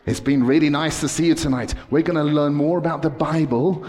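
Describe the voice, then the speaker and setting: A man preaching to children and telling stories dramatically, swinging from excited to hushed. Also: on the high side, fairly quick, long reverb tail. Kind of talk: storytelling sermon to children.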